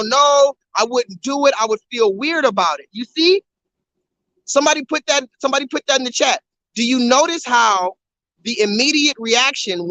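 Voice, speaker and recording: Walking about on his phone during a live stream, the livestreamer repeatedly and animatedly pushes his viewers to leave comments in the chat. He has a very high-pitched voice, captured on a low-quality recording.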